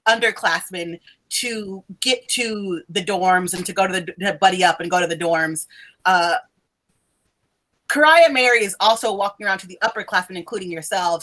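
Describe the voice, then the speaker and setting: A woman narrating a tabletop role-playing game as game master, playful and quick to laugh. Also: mid-range voice, fairly bright tone, rough recording.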